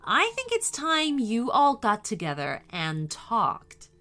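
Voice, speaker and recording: A woman doing a sensible, calm mom. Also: on the high side, slow, heavily acted. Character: sensible, level-headed mother.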